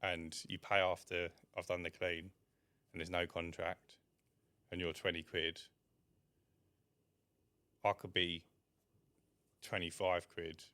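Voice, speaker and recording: A man's voice: deep voice, little pitch movement, takes it slowly, pauses often, pushed and bright. A man, co-hosting a casual podcast, blunt and swearing casually. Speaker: podcast co-host, window cleaner. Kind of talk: casual chat.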